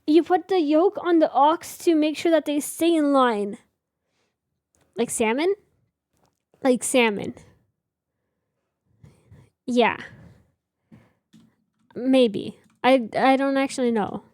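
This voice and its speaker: A woman's voice: sits high, takes it slowly, long pauses, darkish tone, dry recording, studio quality. A young woman streamer chatting casually with her viewers while building in a game, rambling and answering chat.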